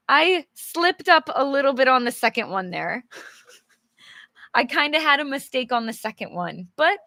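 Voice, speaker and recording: Her high-pitched voice is bright and forceful, swinging widely in pitch at a normal speed, in clean studio sound without room sound. She's a young woman from an English-speaking country reading a storybook in a live English lesson, chatting with viewers and laughing often.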